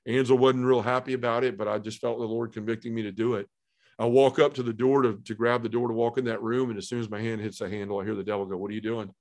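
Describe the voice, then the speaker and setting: A middle-aged man earnestly telling his personal testimony in conversation, acting out the voices he quotes and dropping to a hush at emotional moments. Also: medium pitch, steady tone, quick pace.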